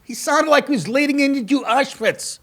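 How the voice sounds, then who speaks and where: A man's voice: very high-pitched, moderate pace, a bit bright. A man hosting a comedy podcast, talking in a profane, rambling, sarcastic way. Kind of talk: casual comedic podcast monologue.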